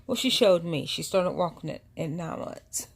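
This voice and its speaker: A woman's voice: lowish voice, lively intonation, moderate pace, vocal fry, breathy edge. A woman vlogger, telling a family story in a casual, rambling way with many asides. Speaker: vlogger and mother.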